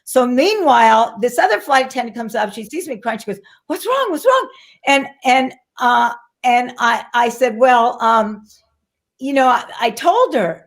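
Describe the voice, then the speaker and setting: A middle-aged woman telling a story as an interview guest in casual chat, lively and acting out what others said. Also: fairly high pitch, unhurried. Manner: animated, acts out quoted voices. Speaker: guest, actress and flight attendant.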